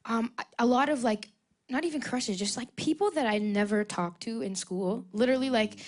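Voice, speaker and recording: A young woman being interviewed as a guest singer in a casual radio studio chat, telling animated stories and laughing often. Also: fairly high pitch, fairly quick. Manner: giggly, animated storytelling with frequent laughs.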